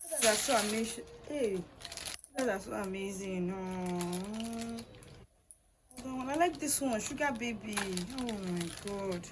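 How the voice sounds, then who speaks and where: A young woman, chatting excitedly to camera as she unboxes gifts, gushing and laughing often. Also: medium pitch, unhurried, noisy background. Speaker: vlogger unboxing birthday gifts. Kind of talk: excited casual chat to camera.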